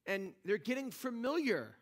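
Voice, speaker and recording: A man's voice: high voice, sing-song, normal speed. A man preaching a sermon as pastor in a church, talking conversationally with lots of restarts and rising energy. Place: church sanctuary.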